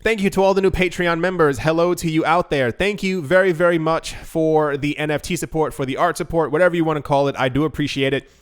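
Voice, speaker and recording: A man hosts his own crypto channel and talks alone in a loose, rambling way. His voice is smooth and clear and sits a little high. He runs short of breath and jokes at his own expense as he rattles through long lists. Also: steady tone, fast, few pauses. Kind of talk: casual solo commentary.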